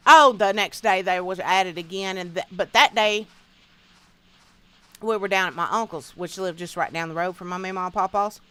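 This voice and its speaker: A woman's voice: mid-range voice, normal speed, fairly bright tone, smooth. A woman streamer, casually telling folksy childhood stories while she plays a game. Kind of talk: casual storytelling while gaming.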